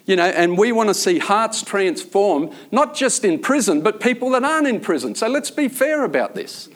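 Prison chaplain, male, a little high-voiced, earnest and rambling in an informal faith talk. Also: sing-song, moderate pace. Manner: earnest, rambling storyteller with many fillers.

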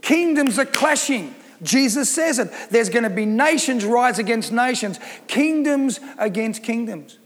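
A woman's voice: a little high, expressive, measured pace, few pauses, big-room sound. A woman pastor preaching a sermon, reading scripture aloud, explaining it, and putting emphatic rhetorical questions to the congregation.

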